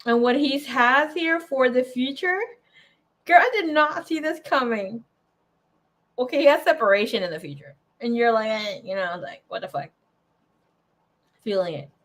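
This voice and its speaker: Fairly high in pitch and a bit bright, this woman's voice is animated at a normal speed, broken by long pauses. She's a young adult tarot reader doing a casual, chatty reading, emotional enough to swear, laugh and tear up.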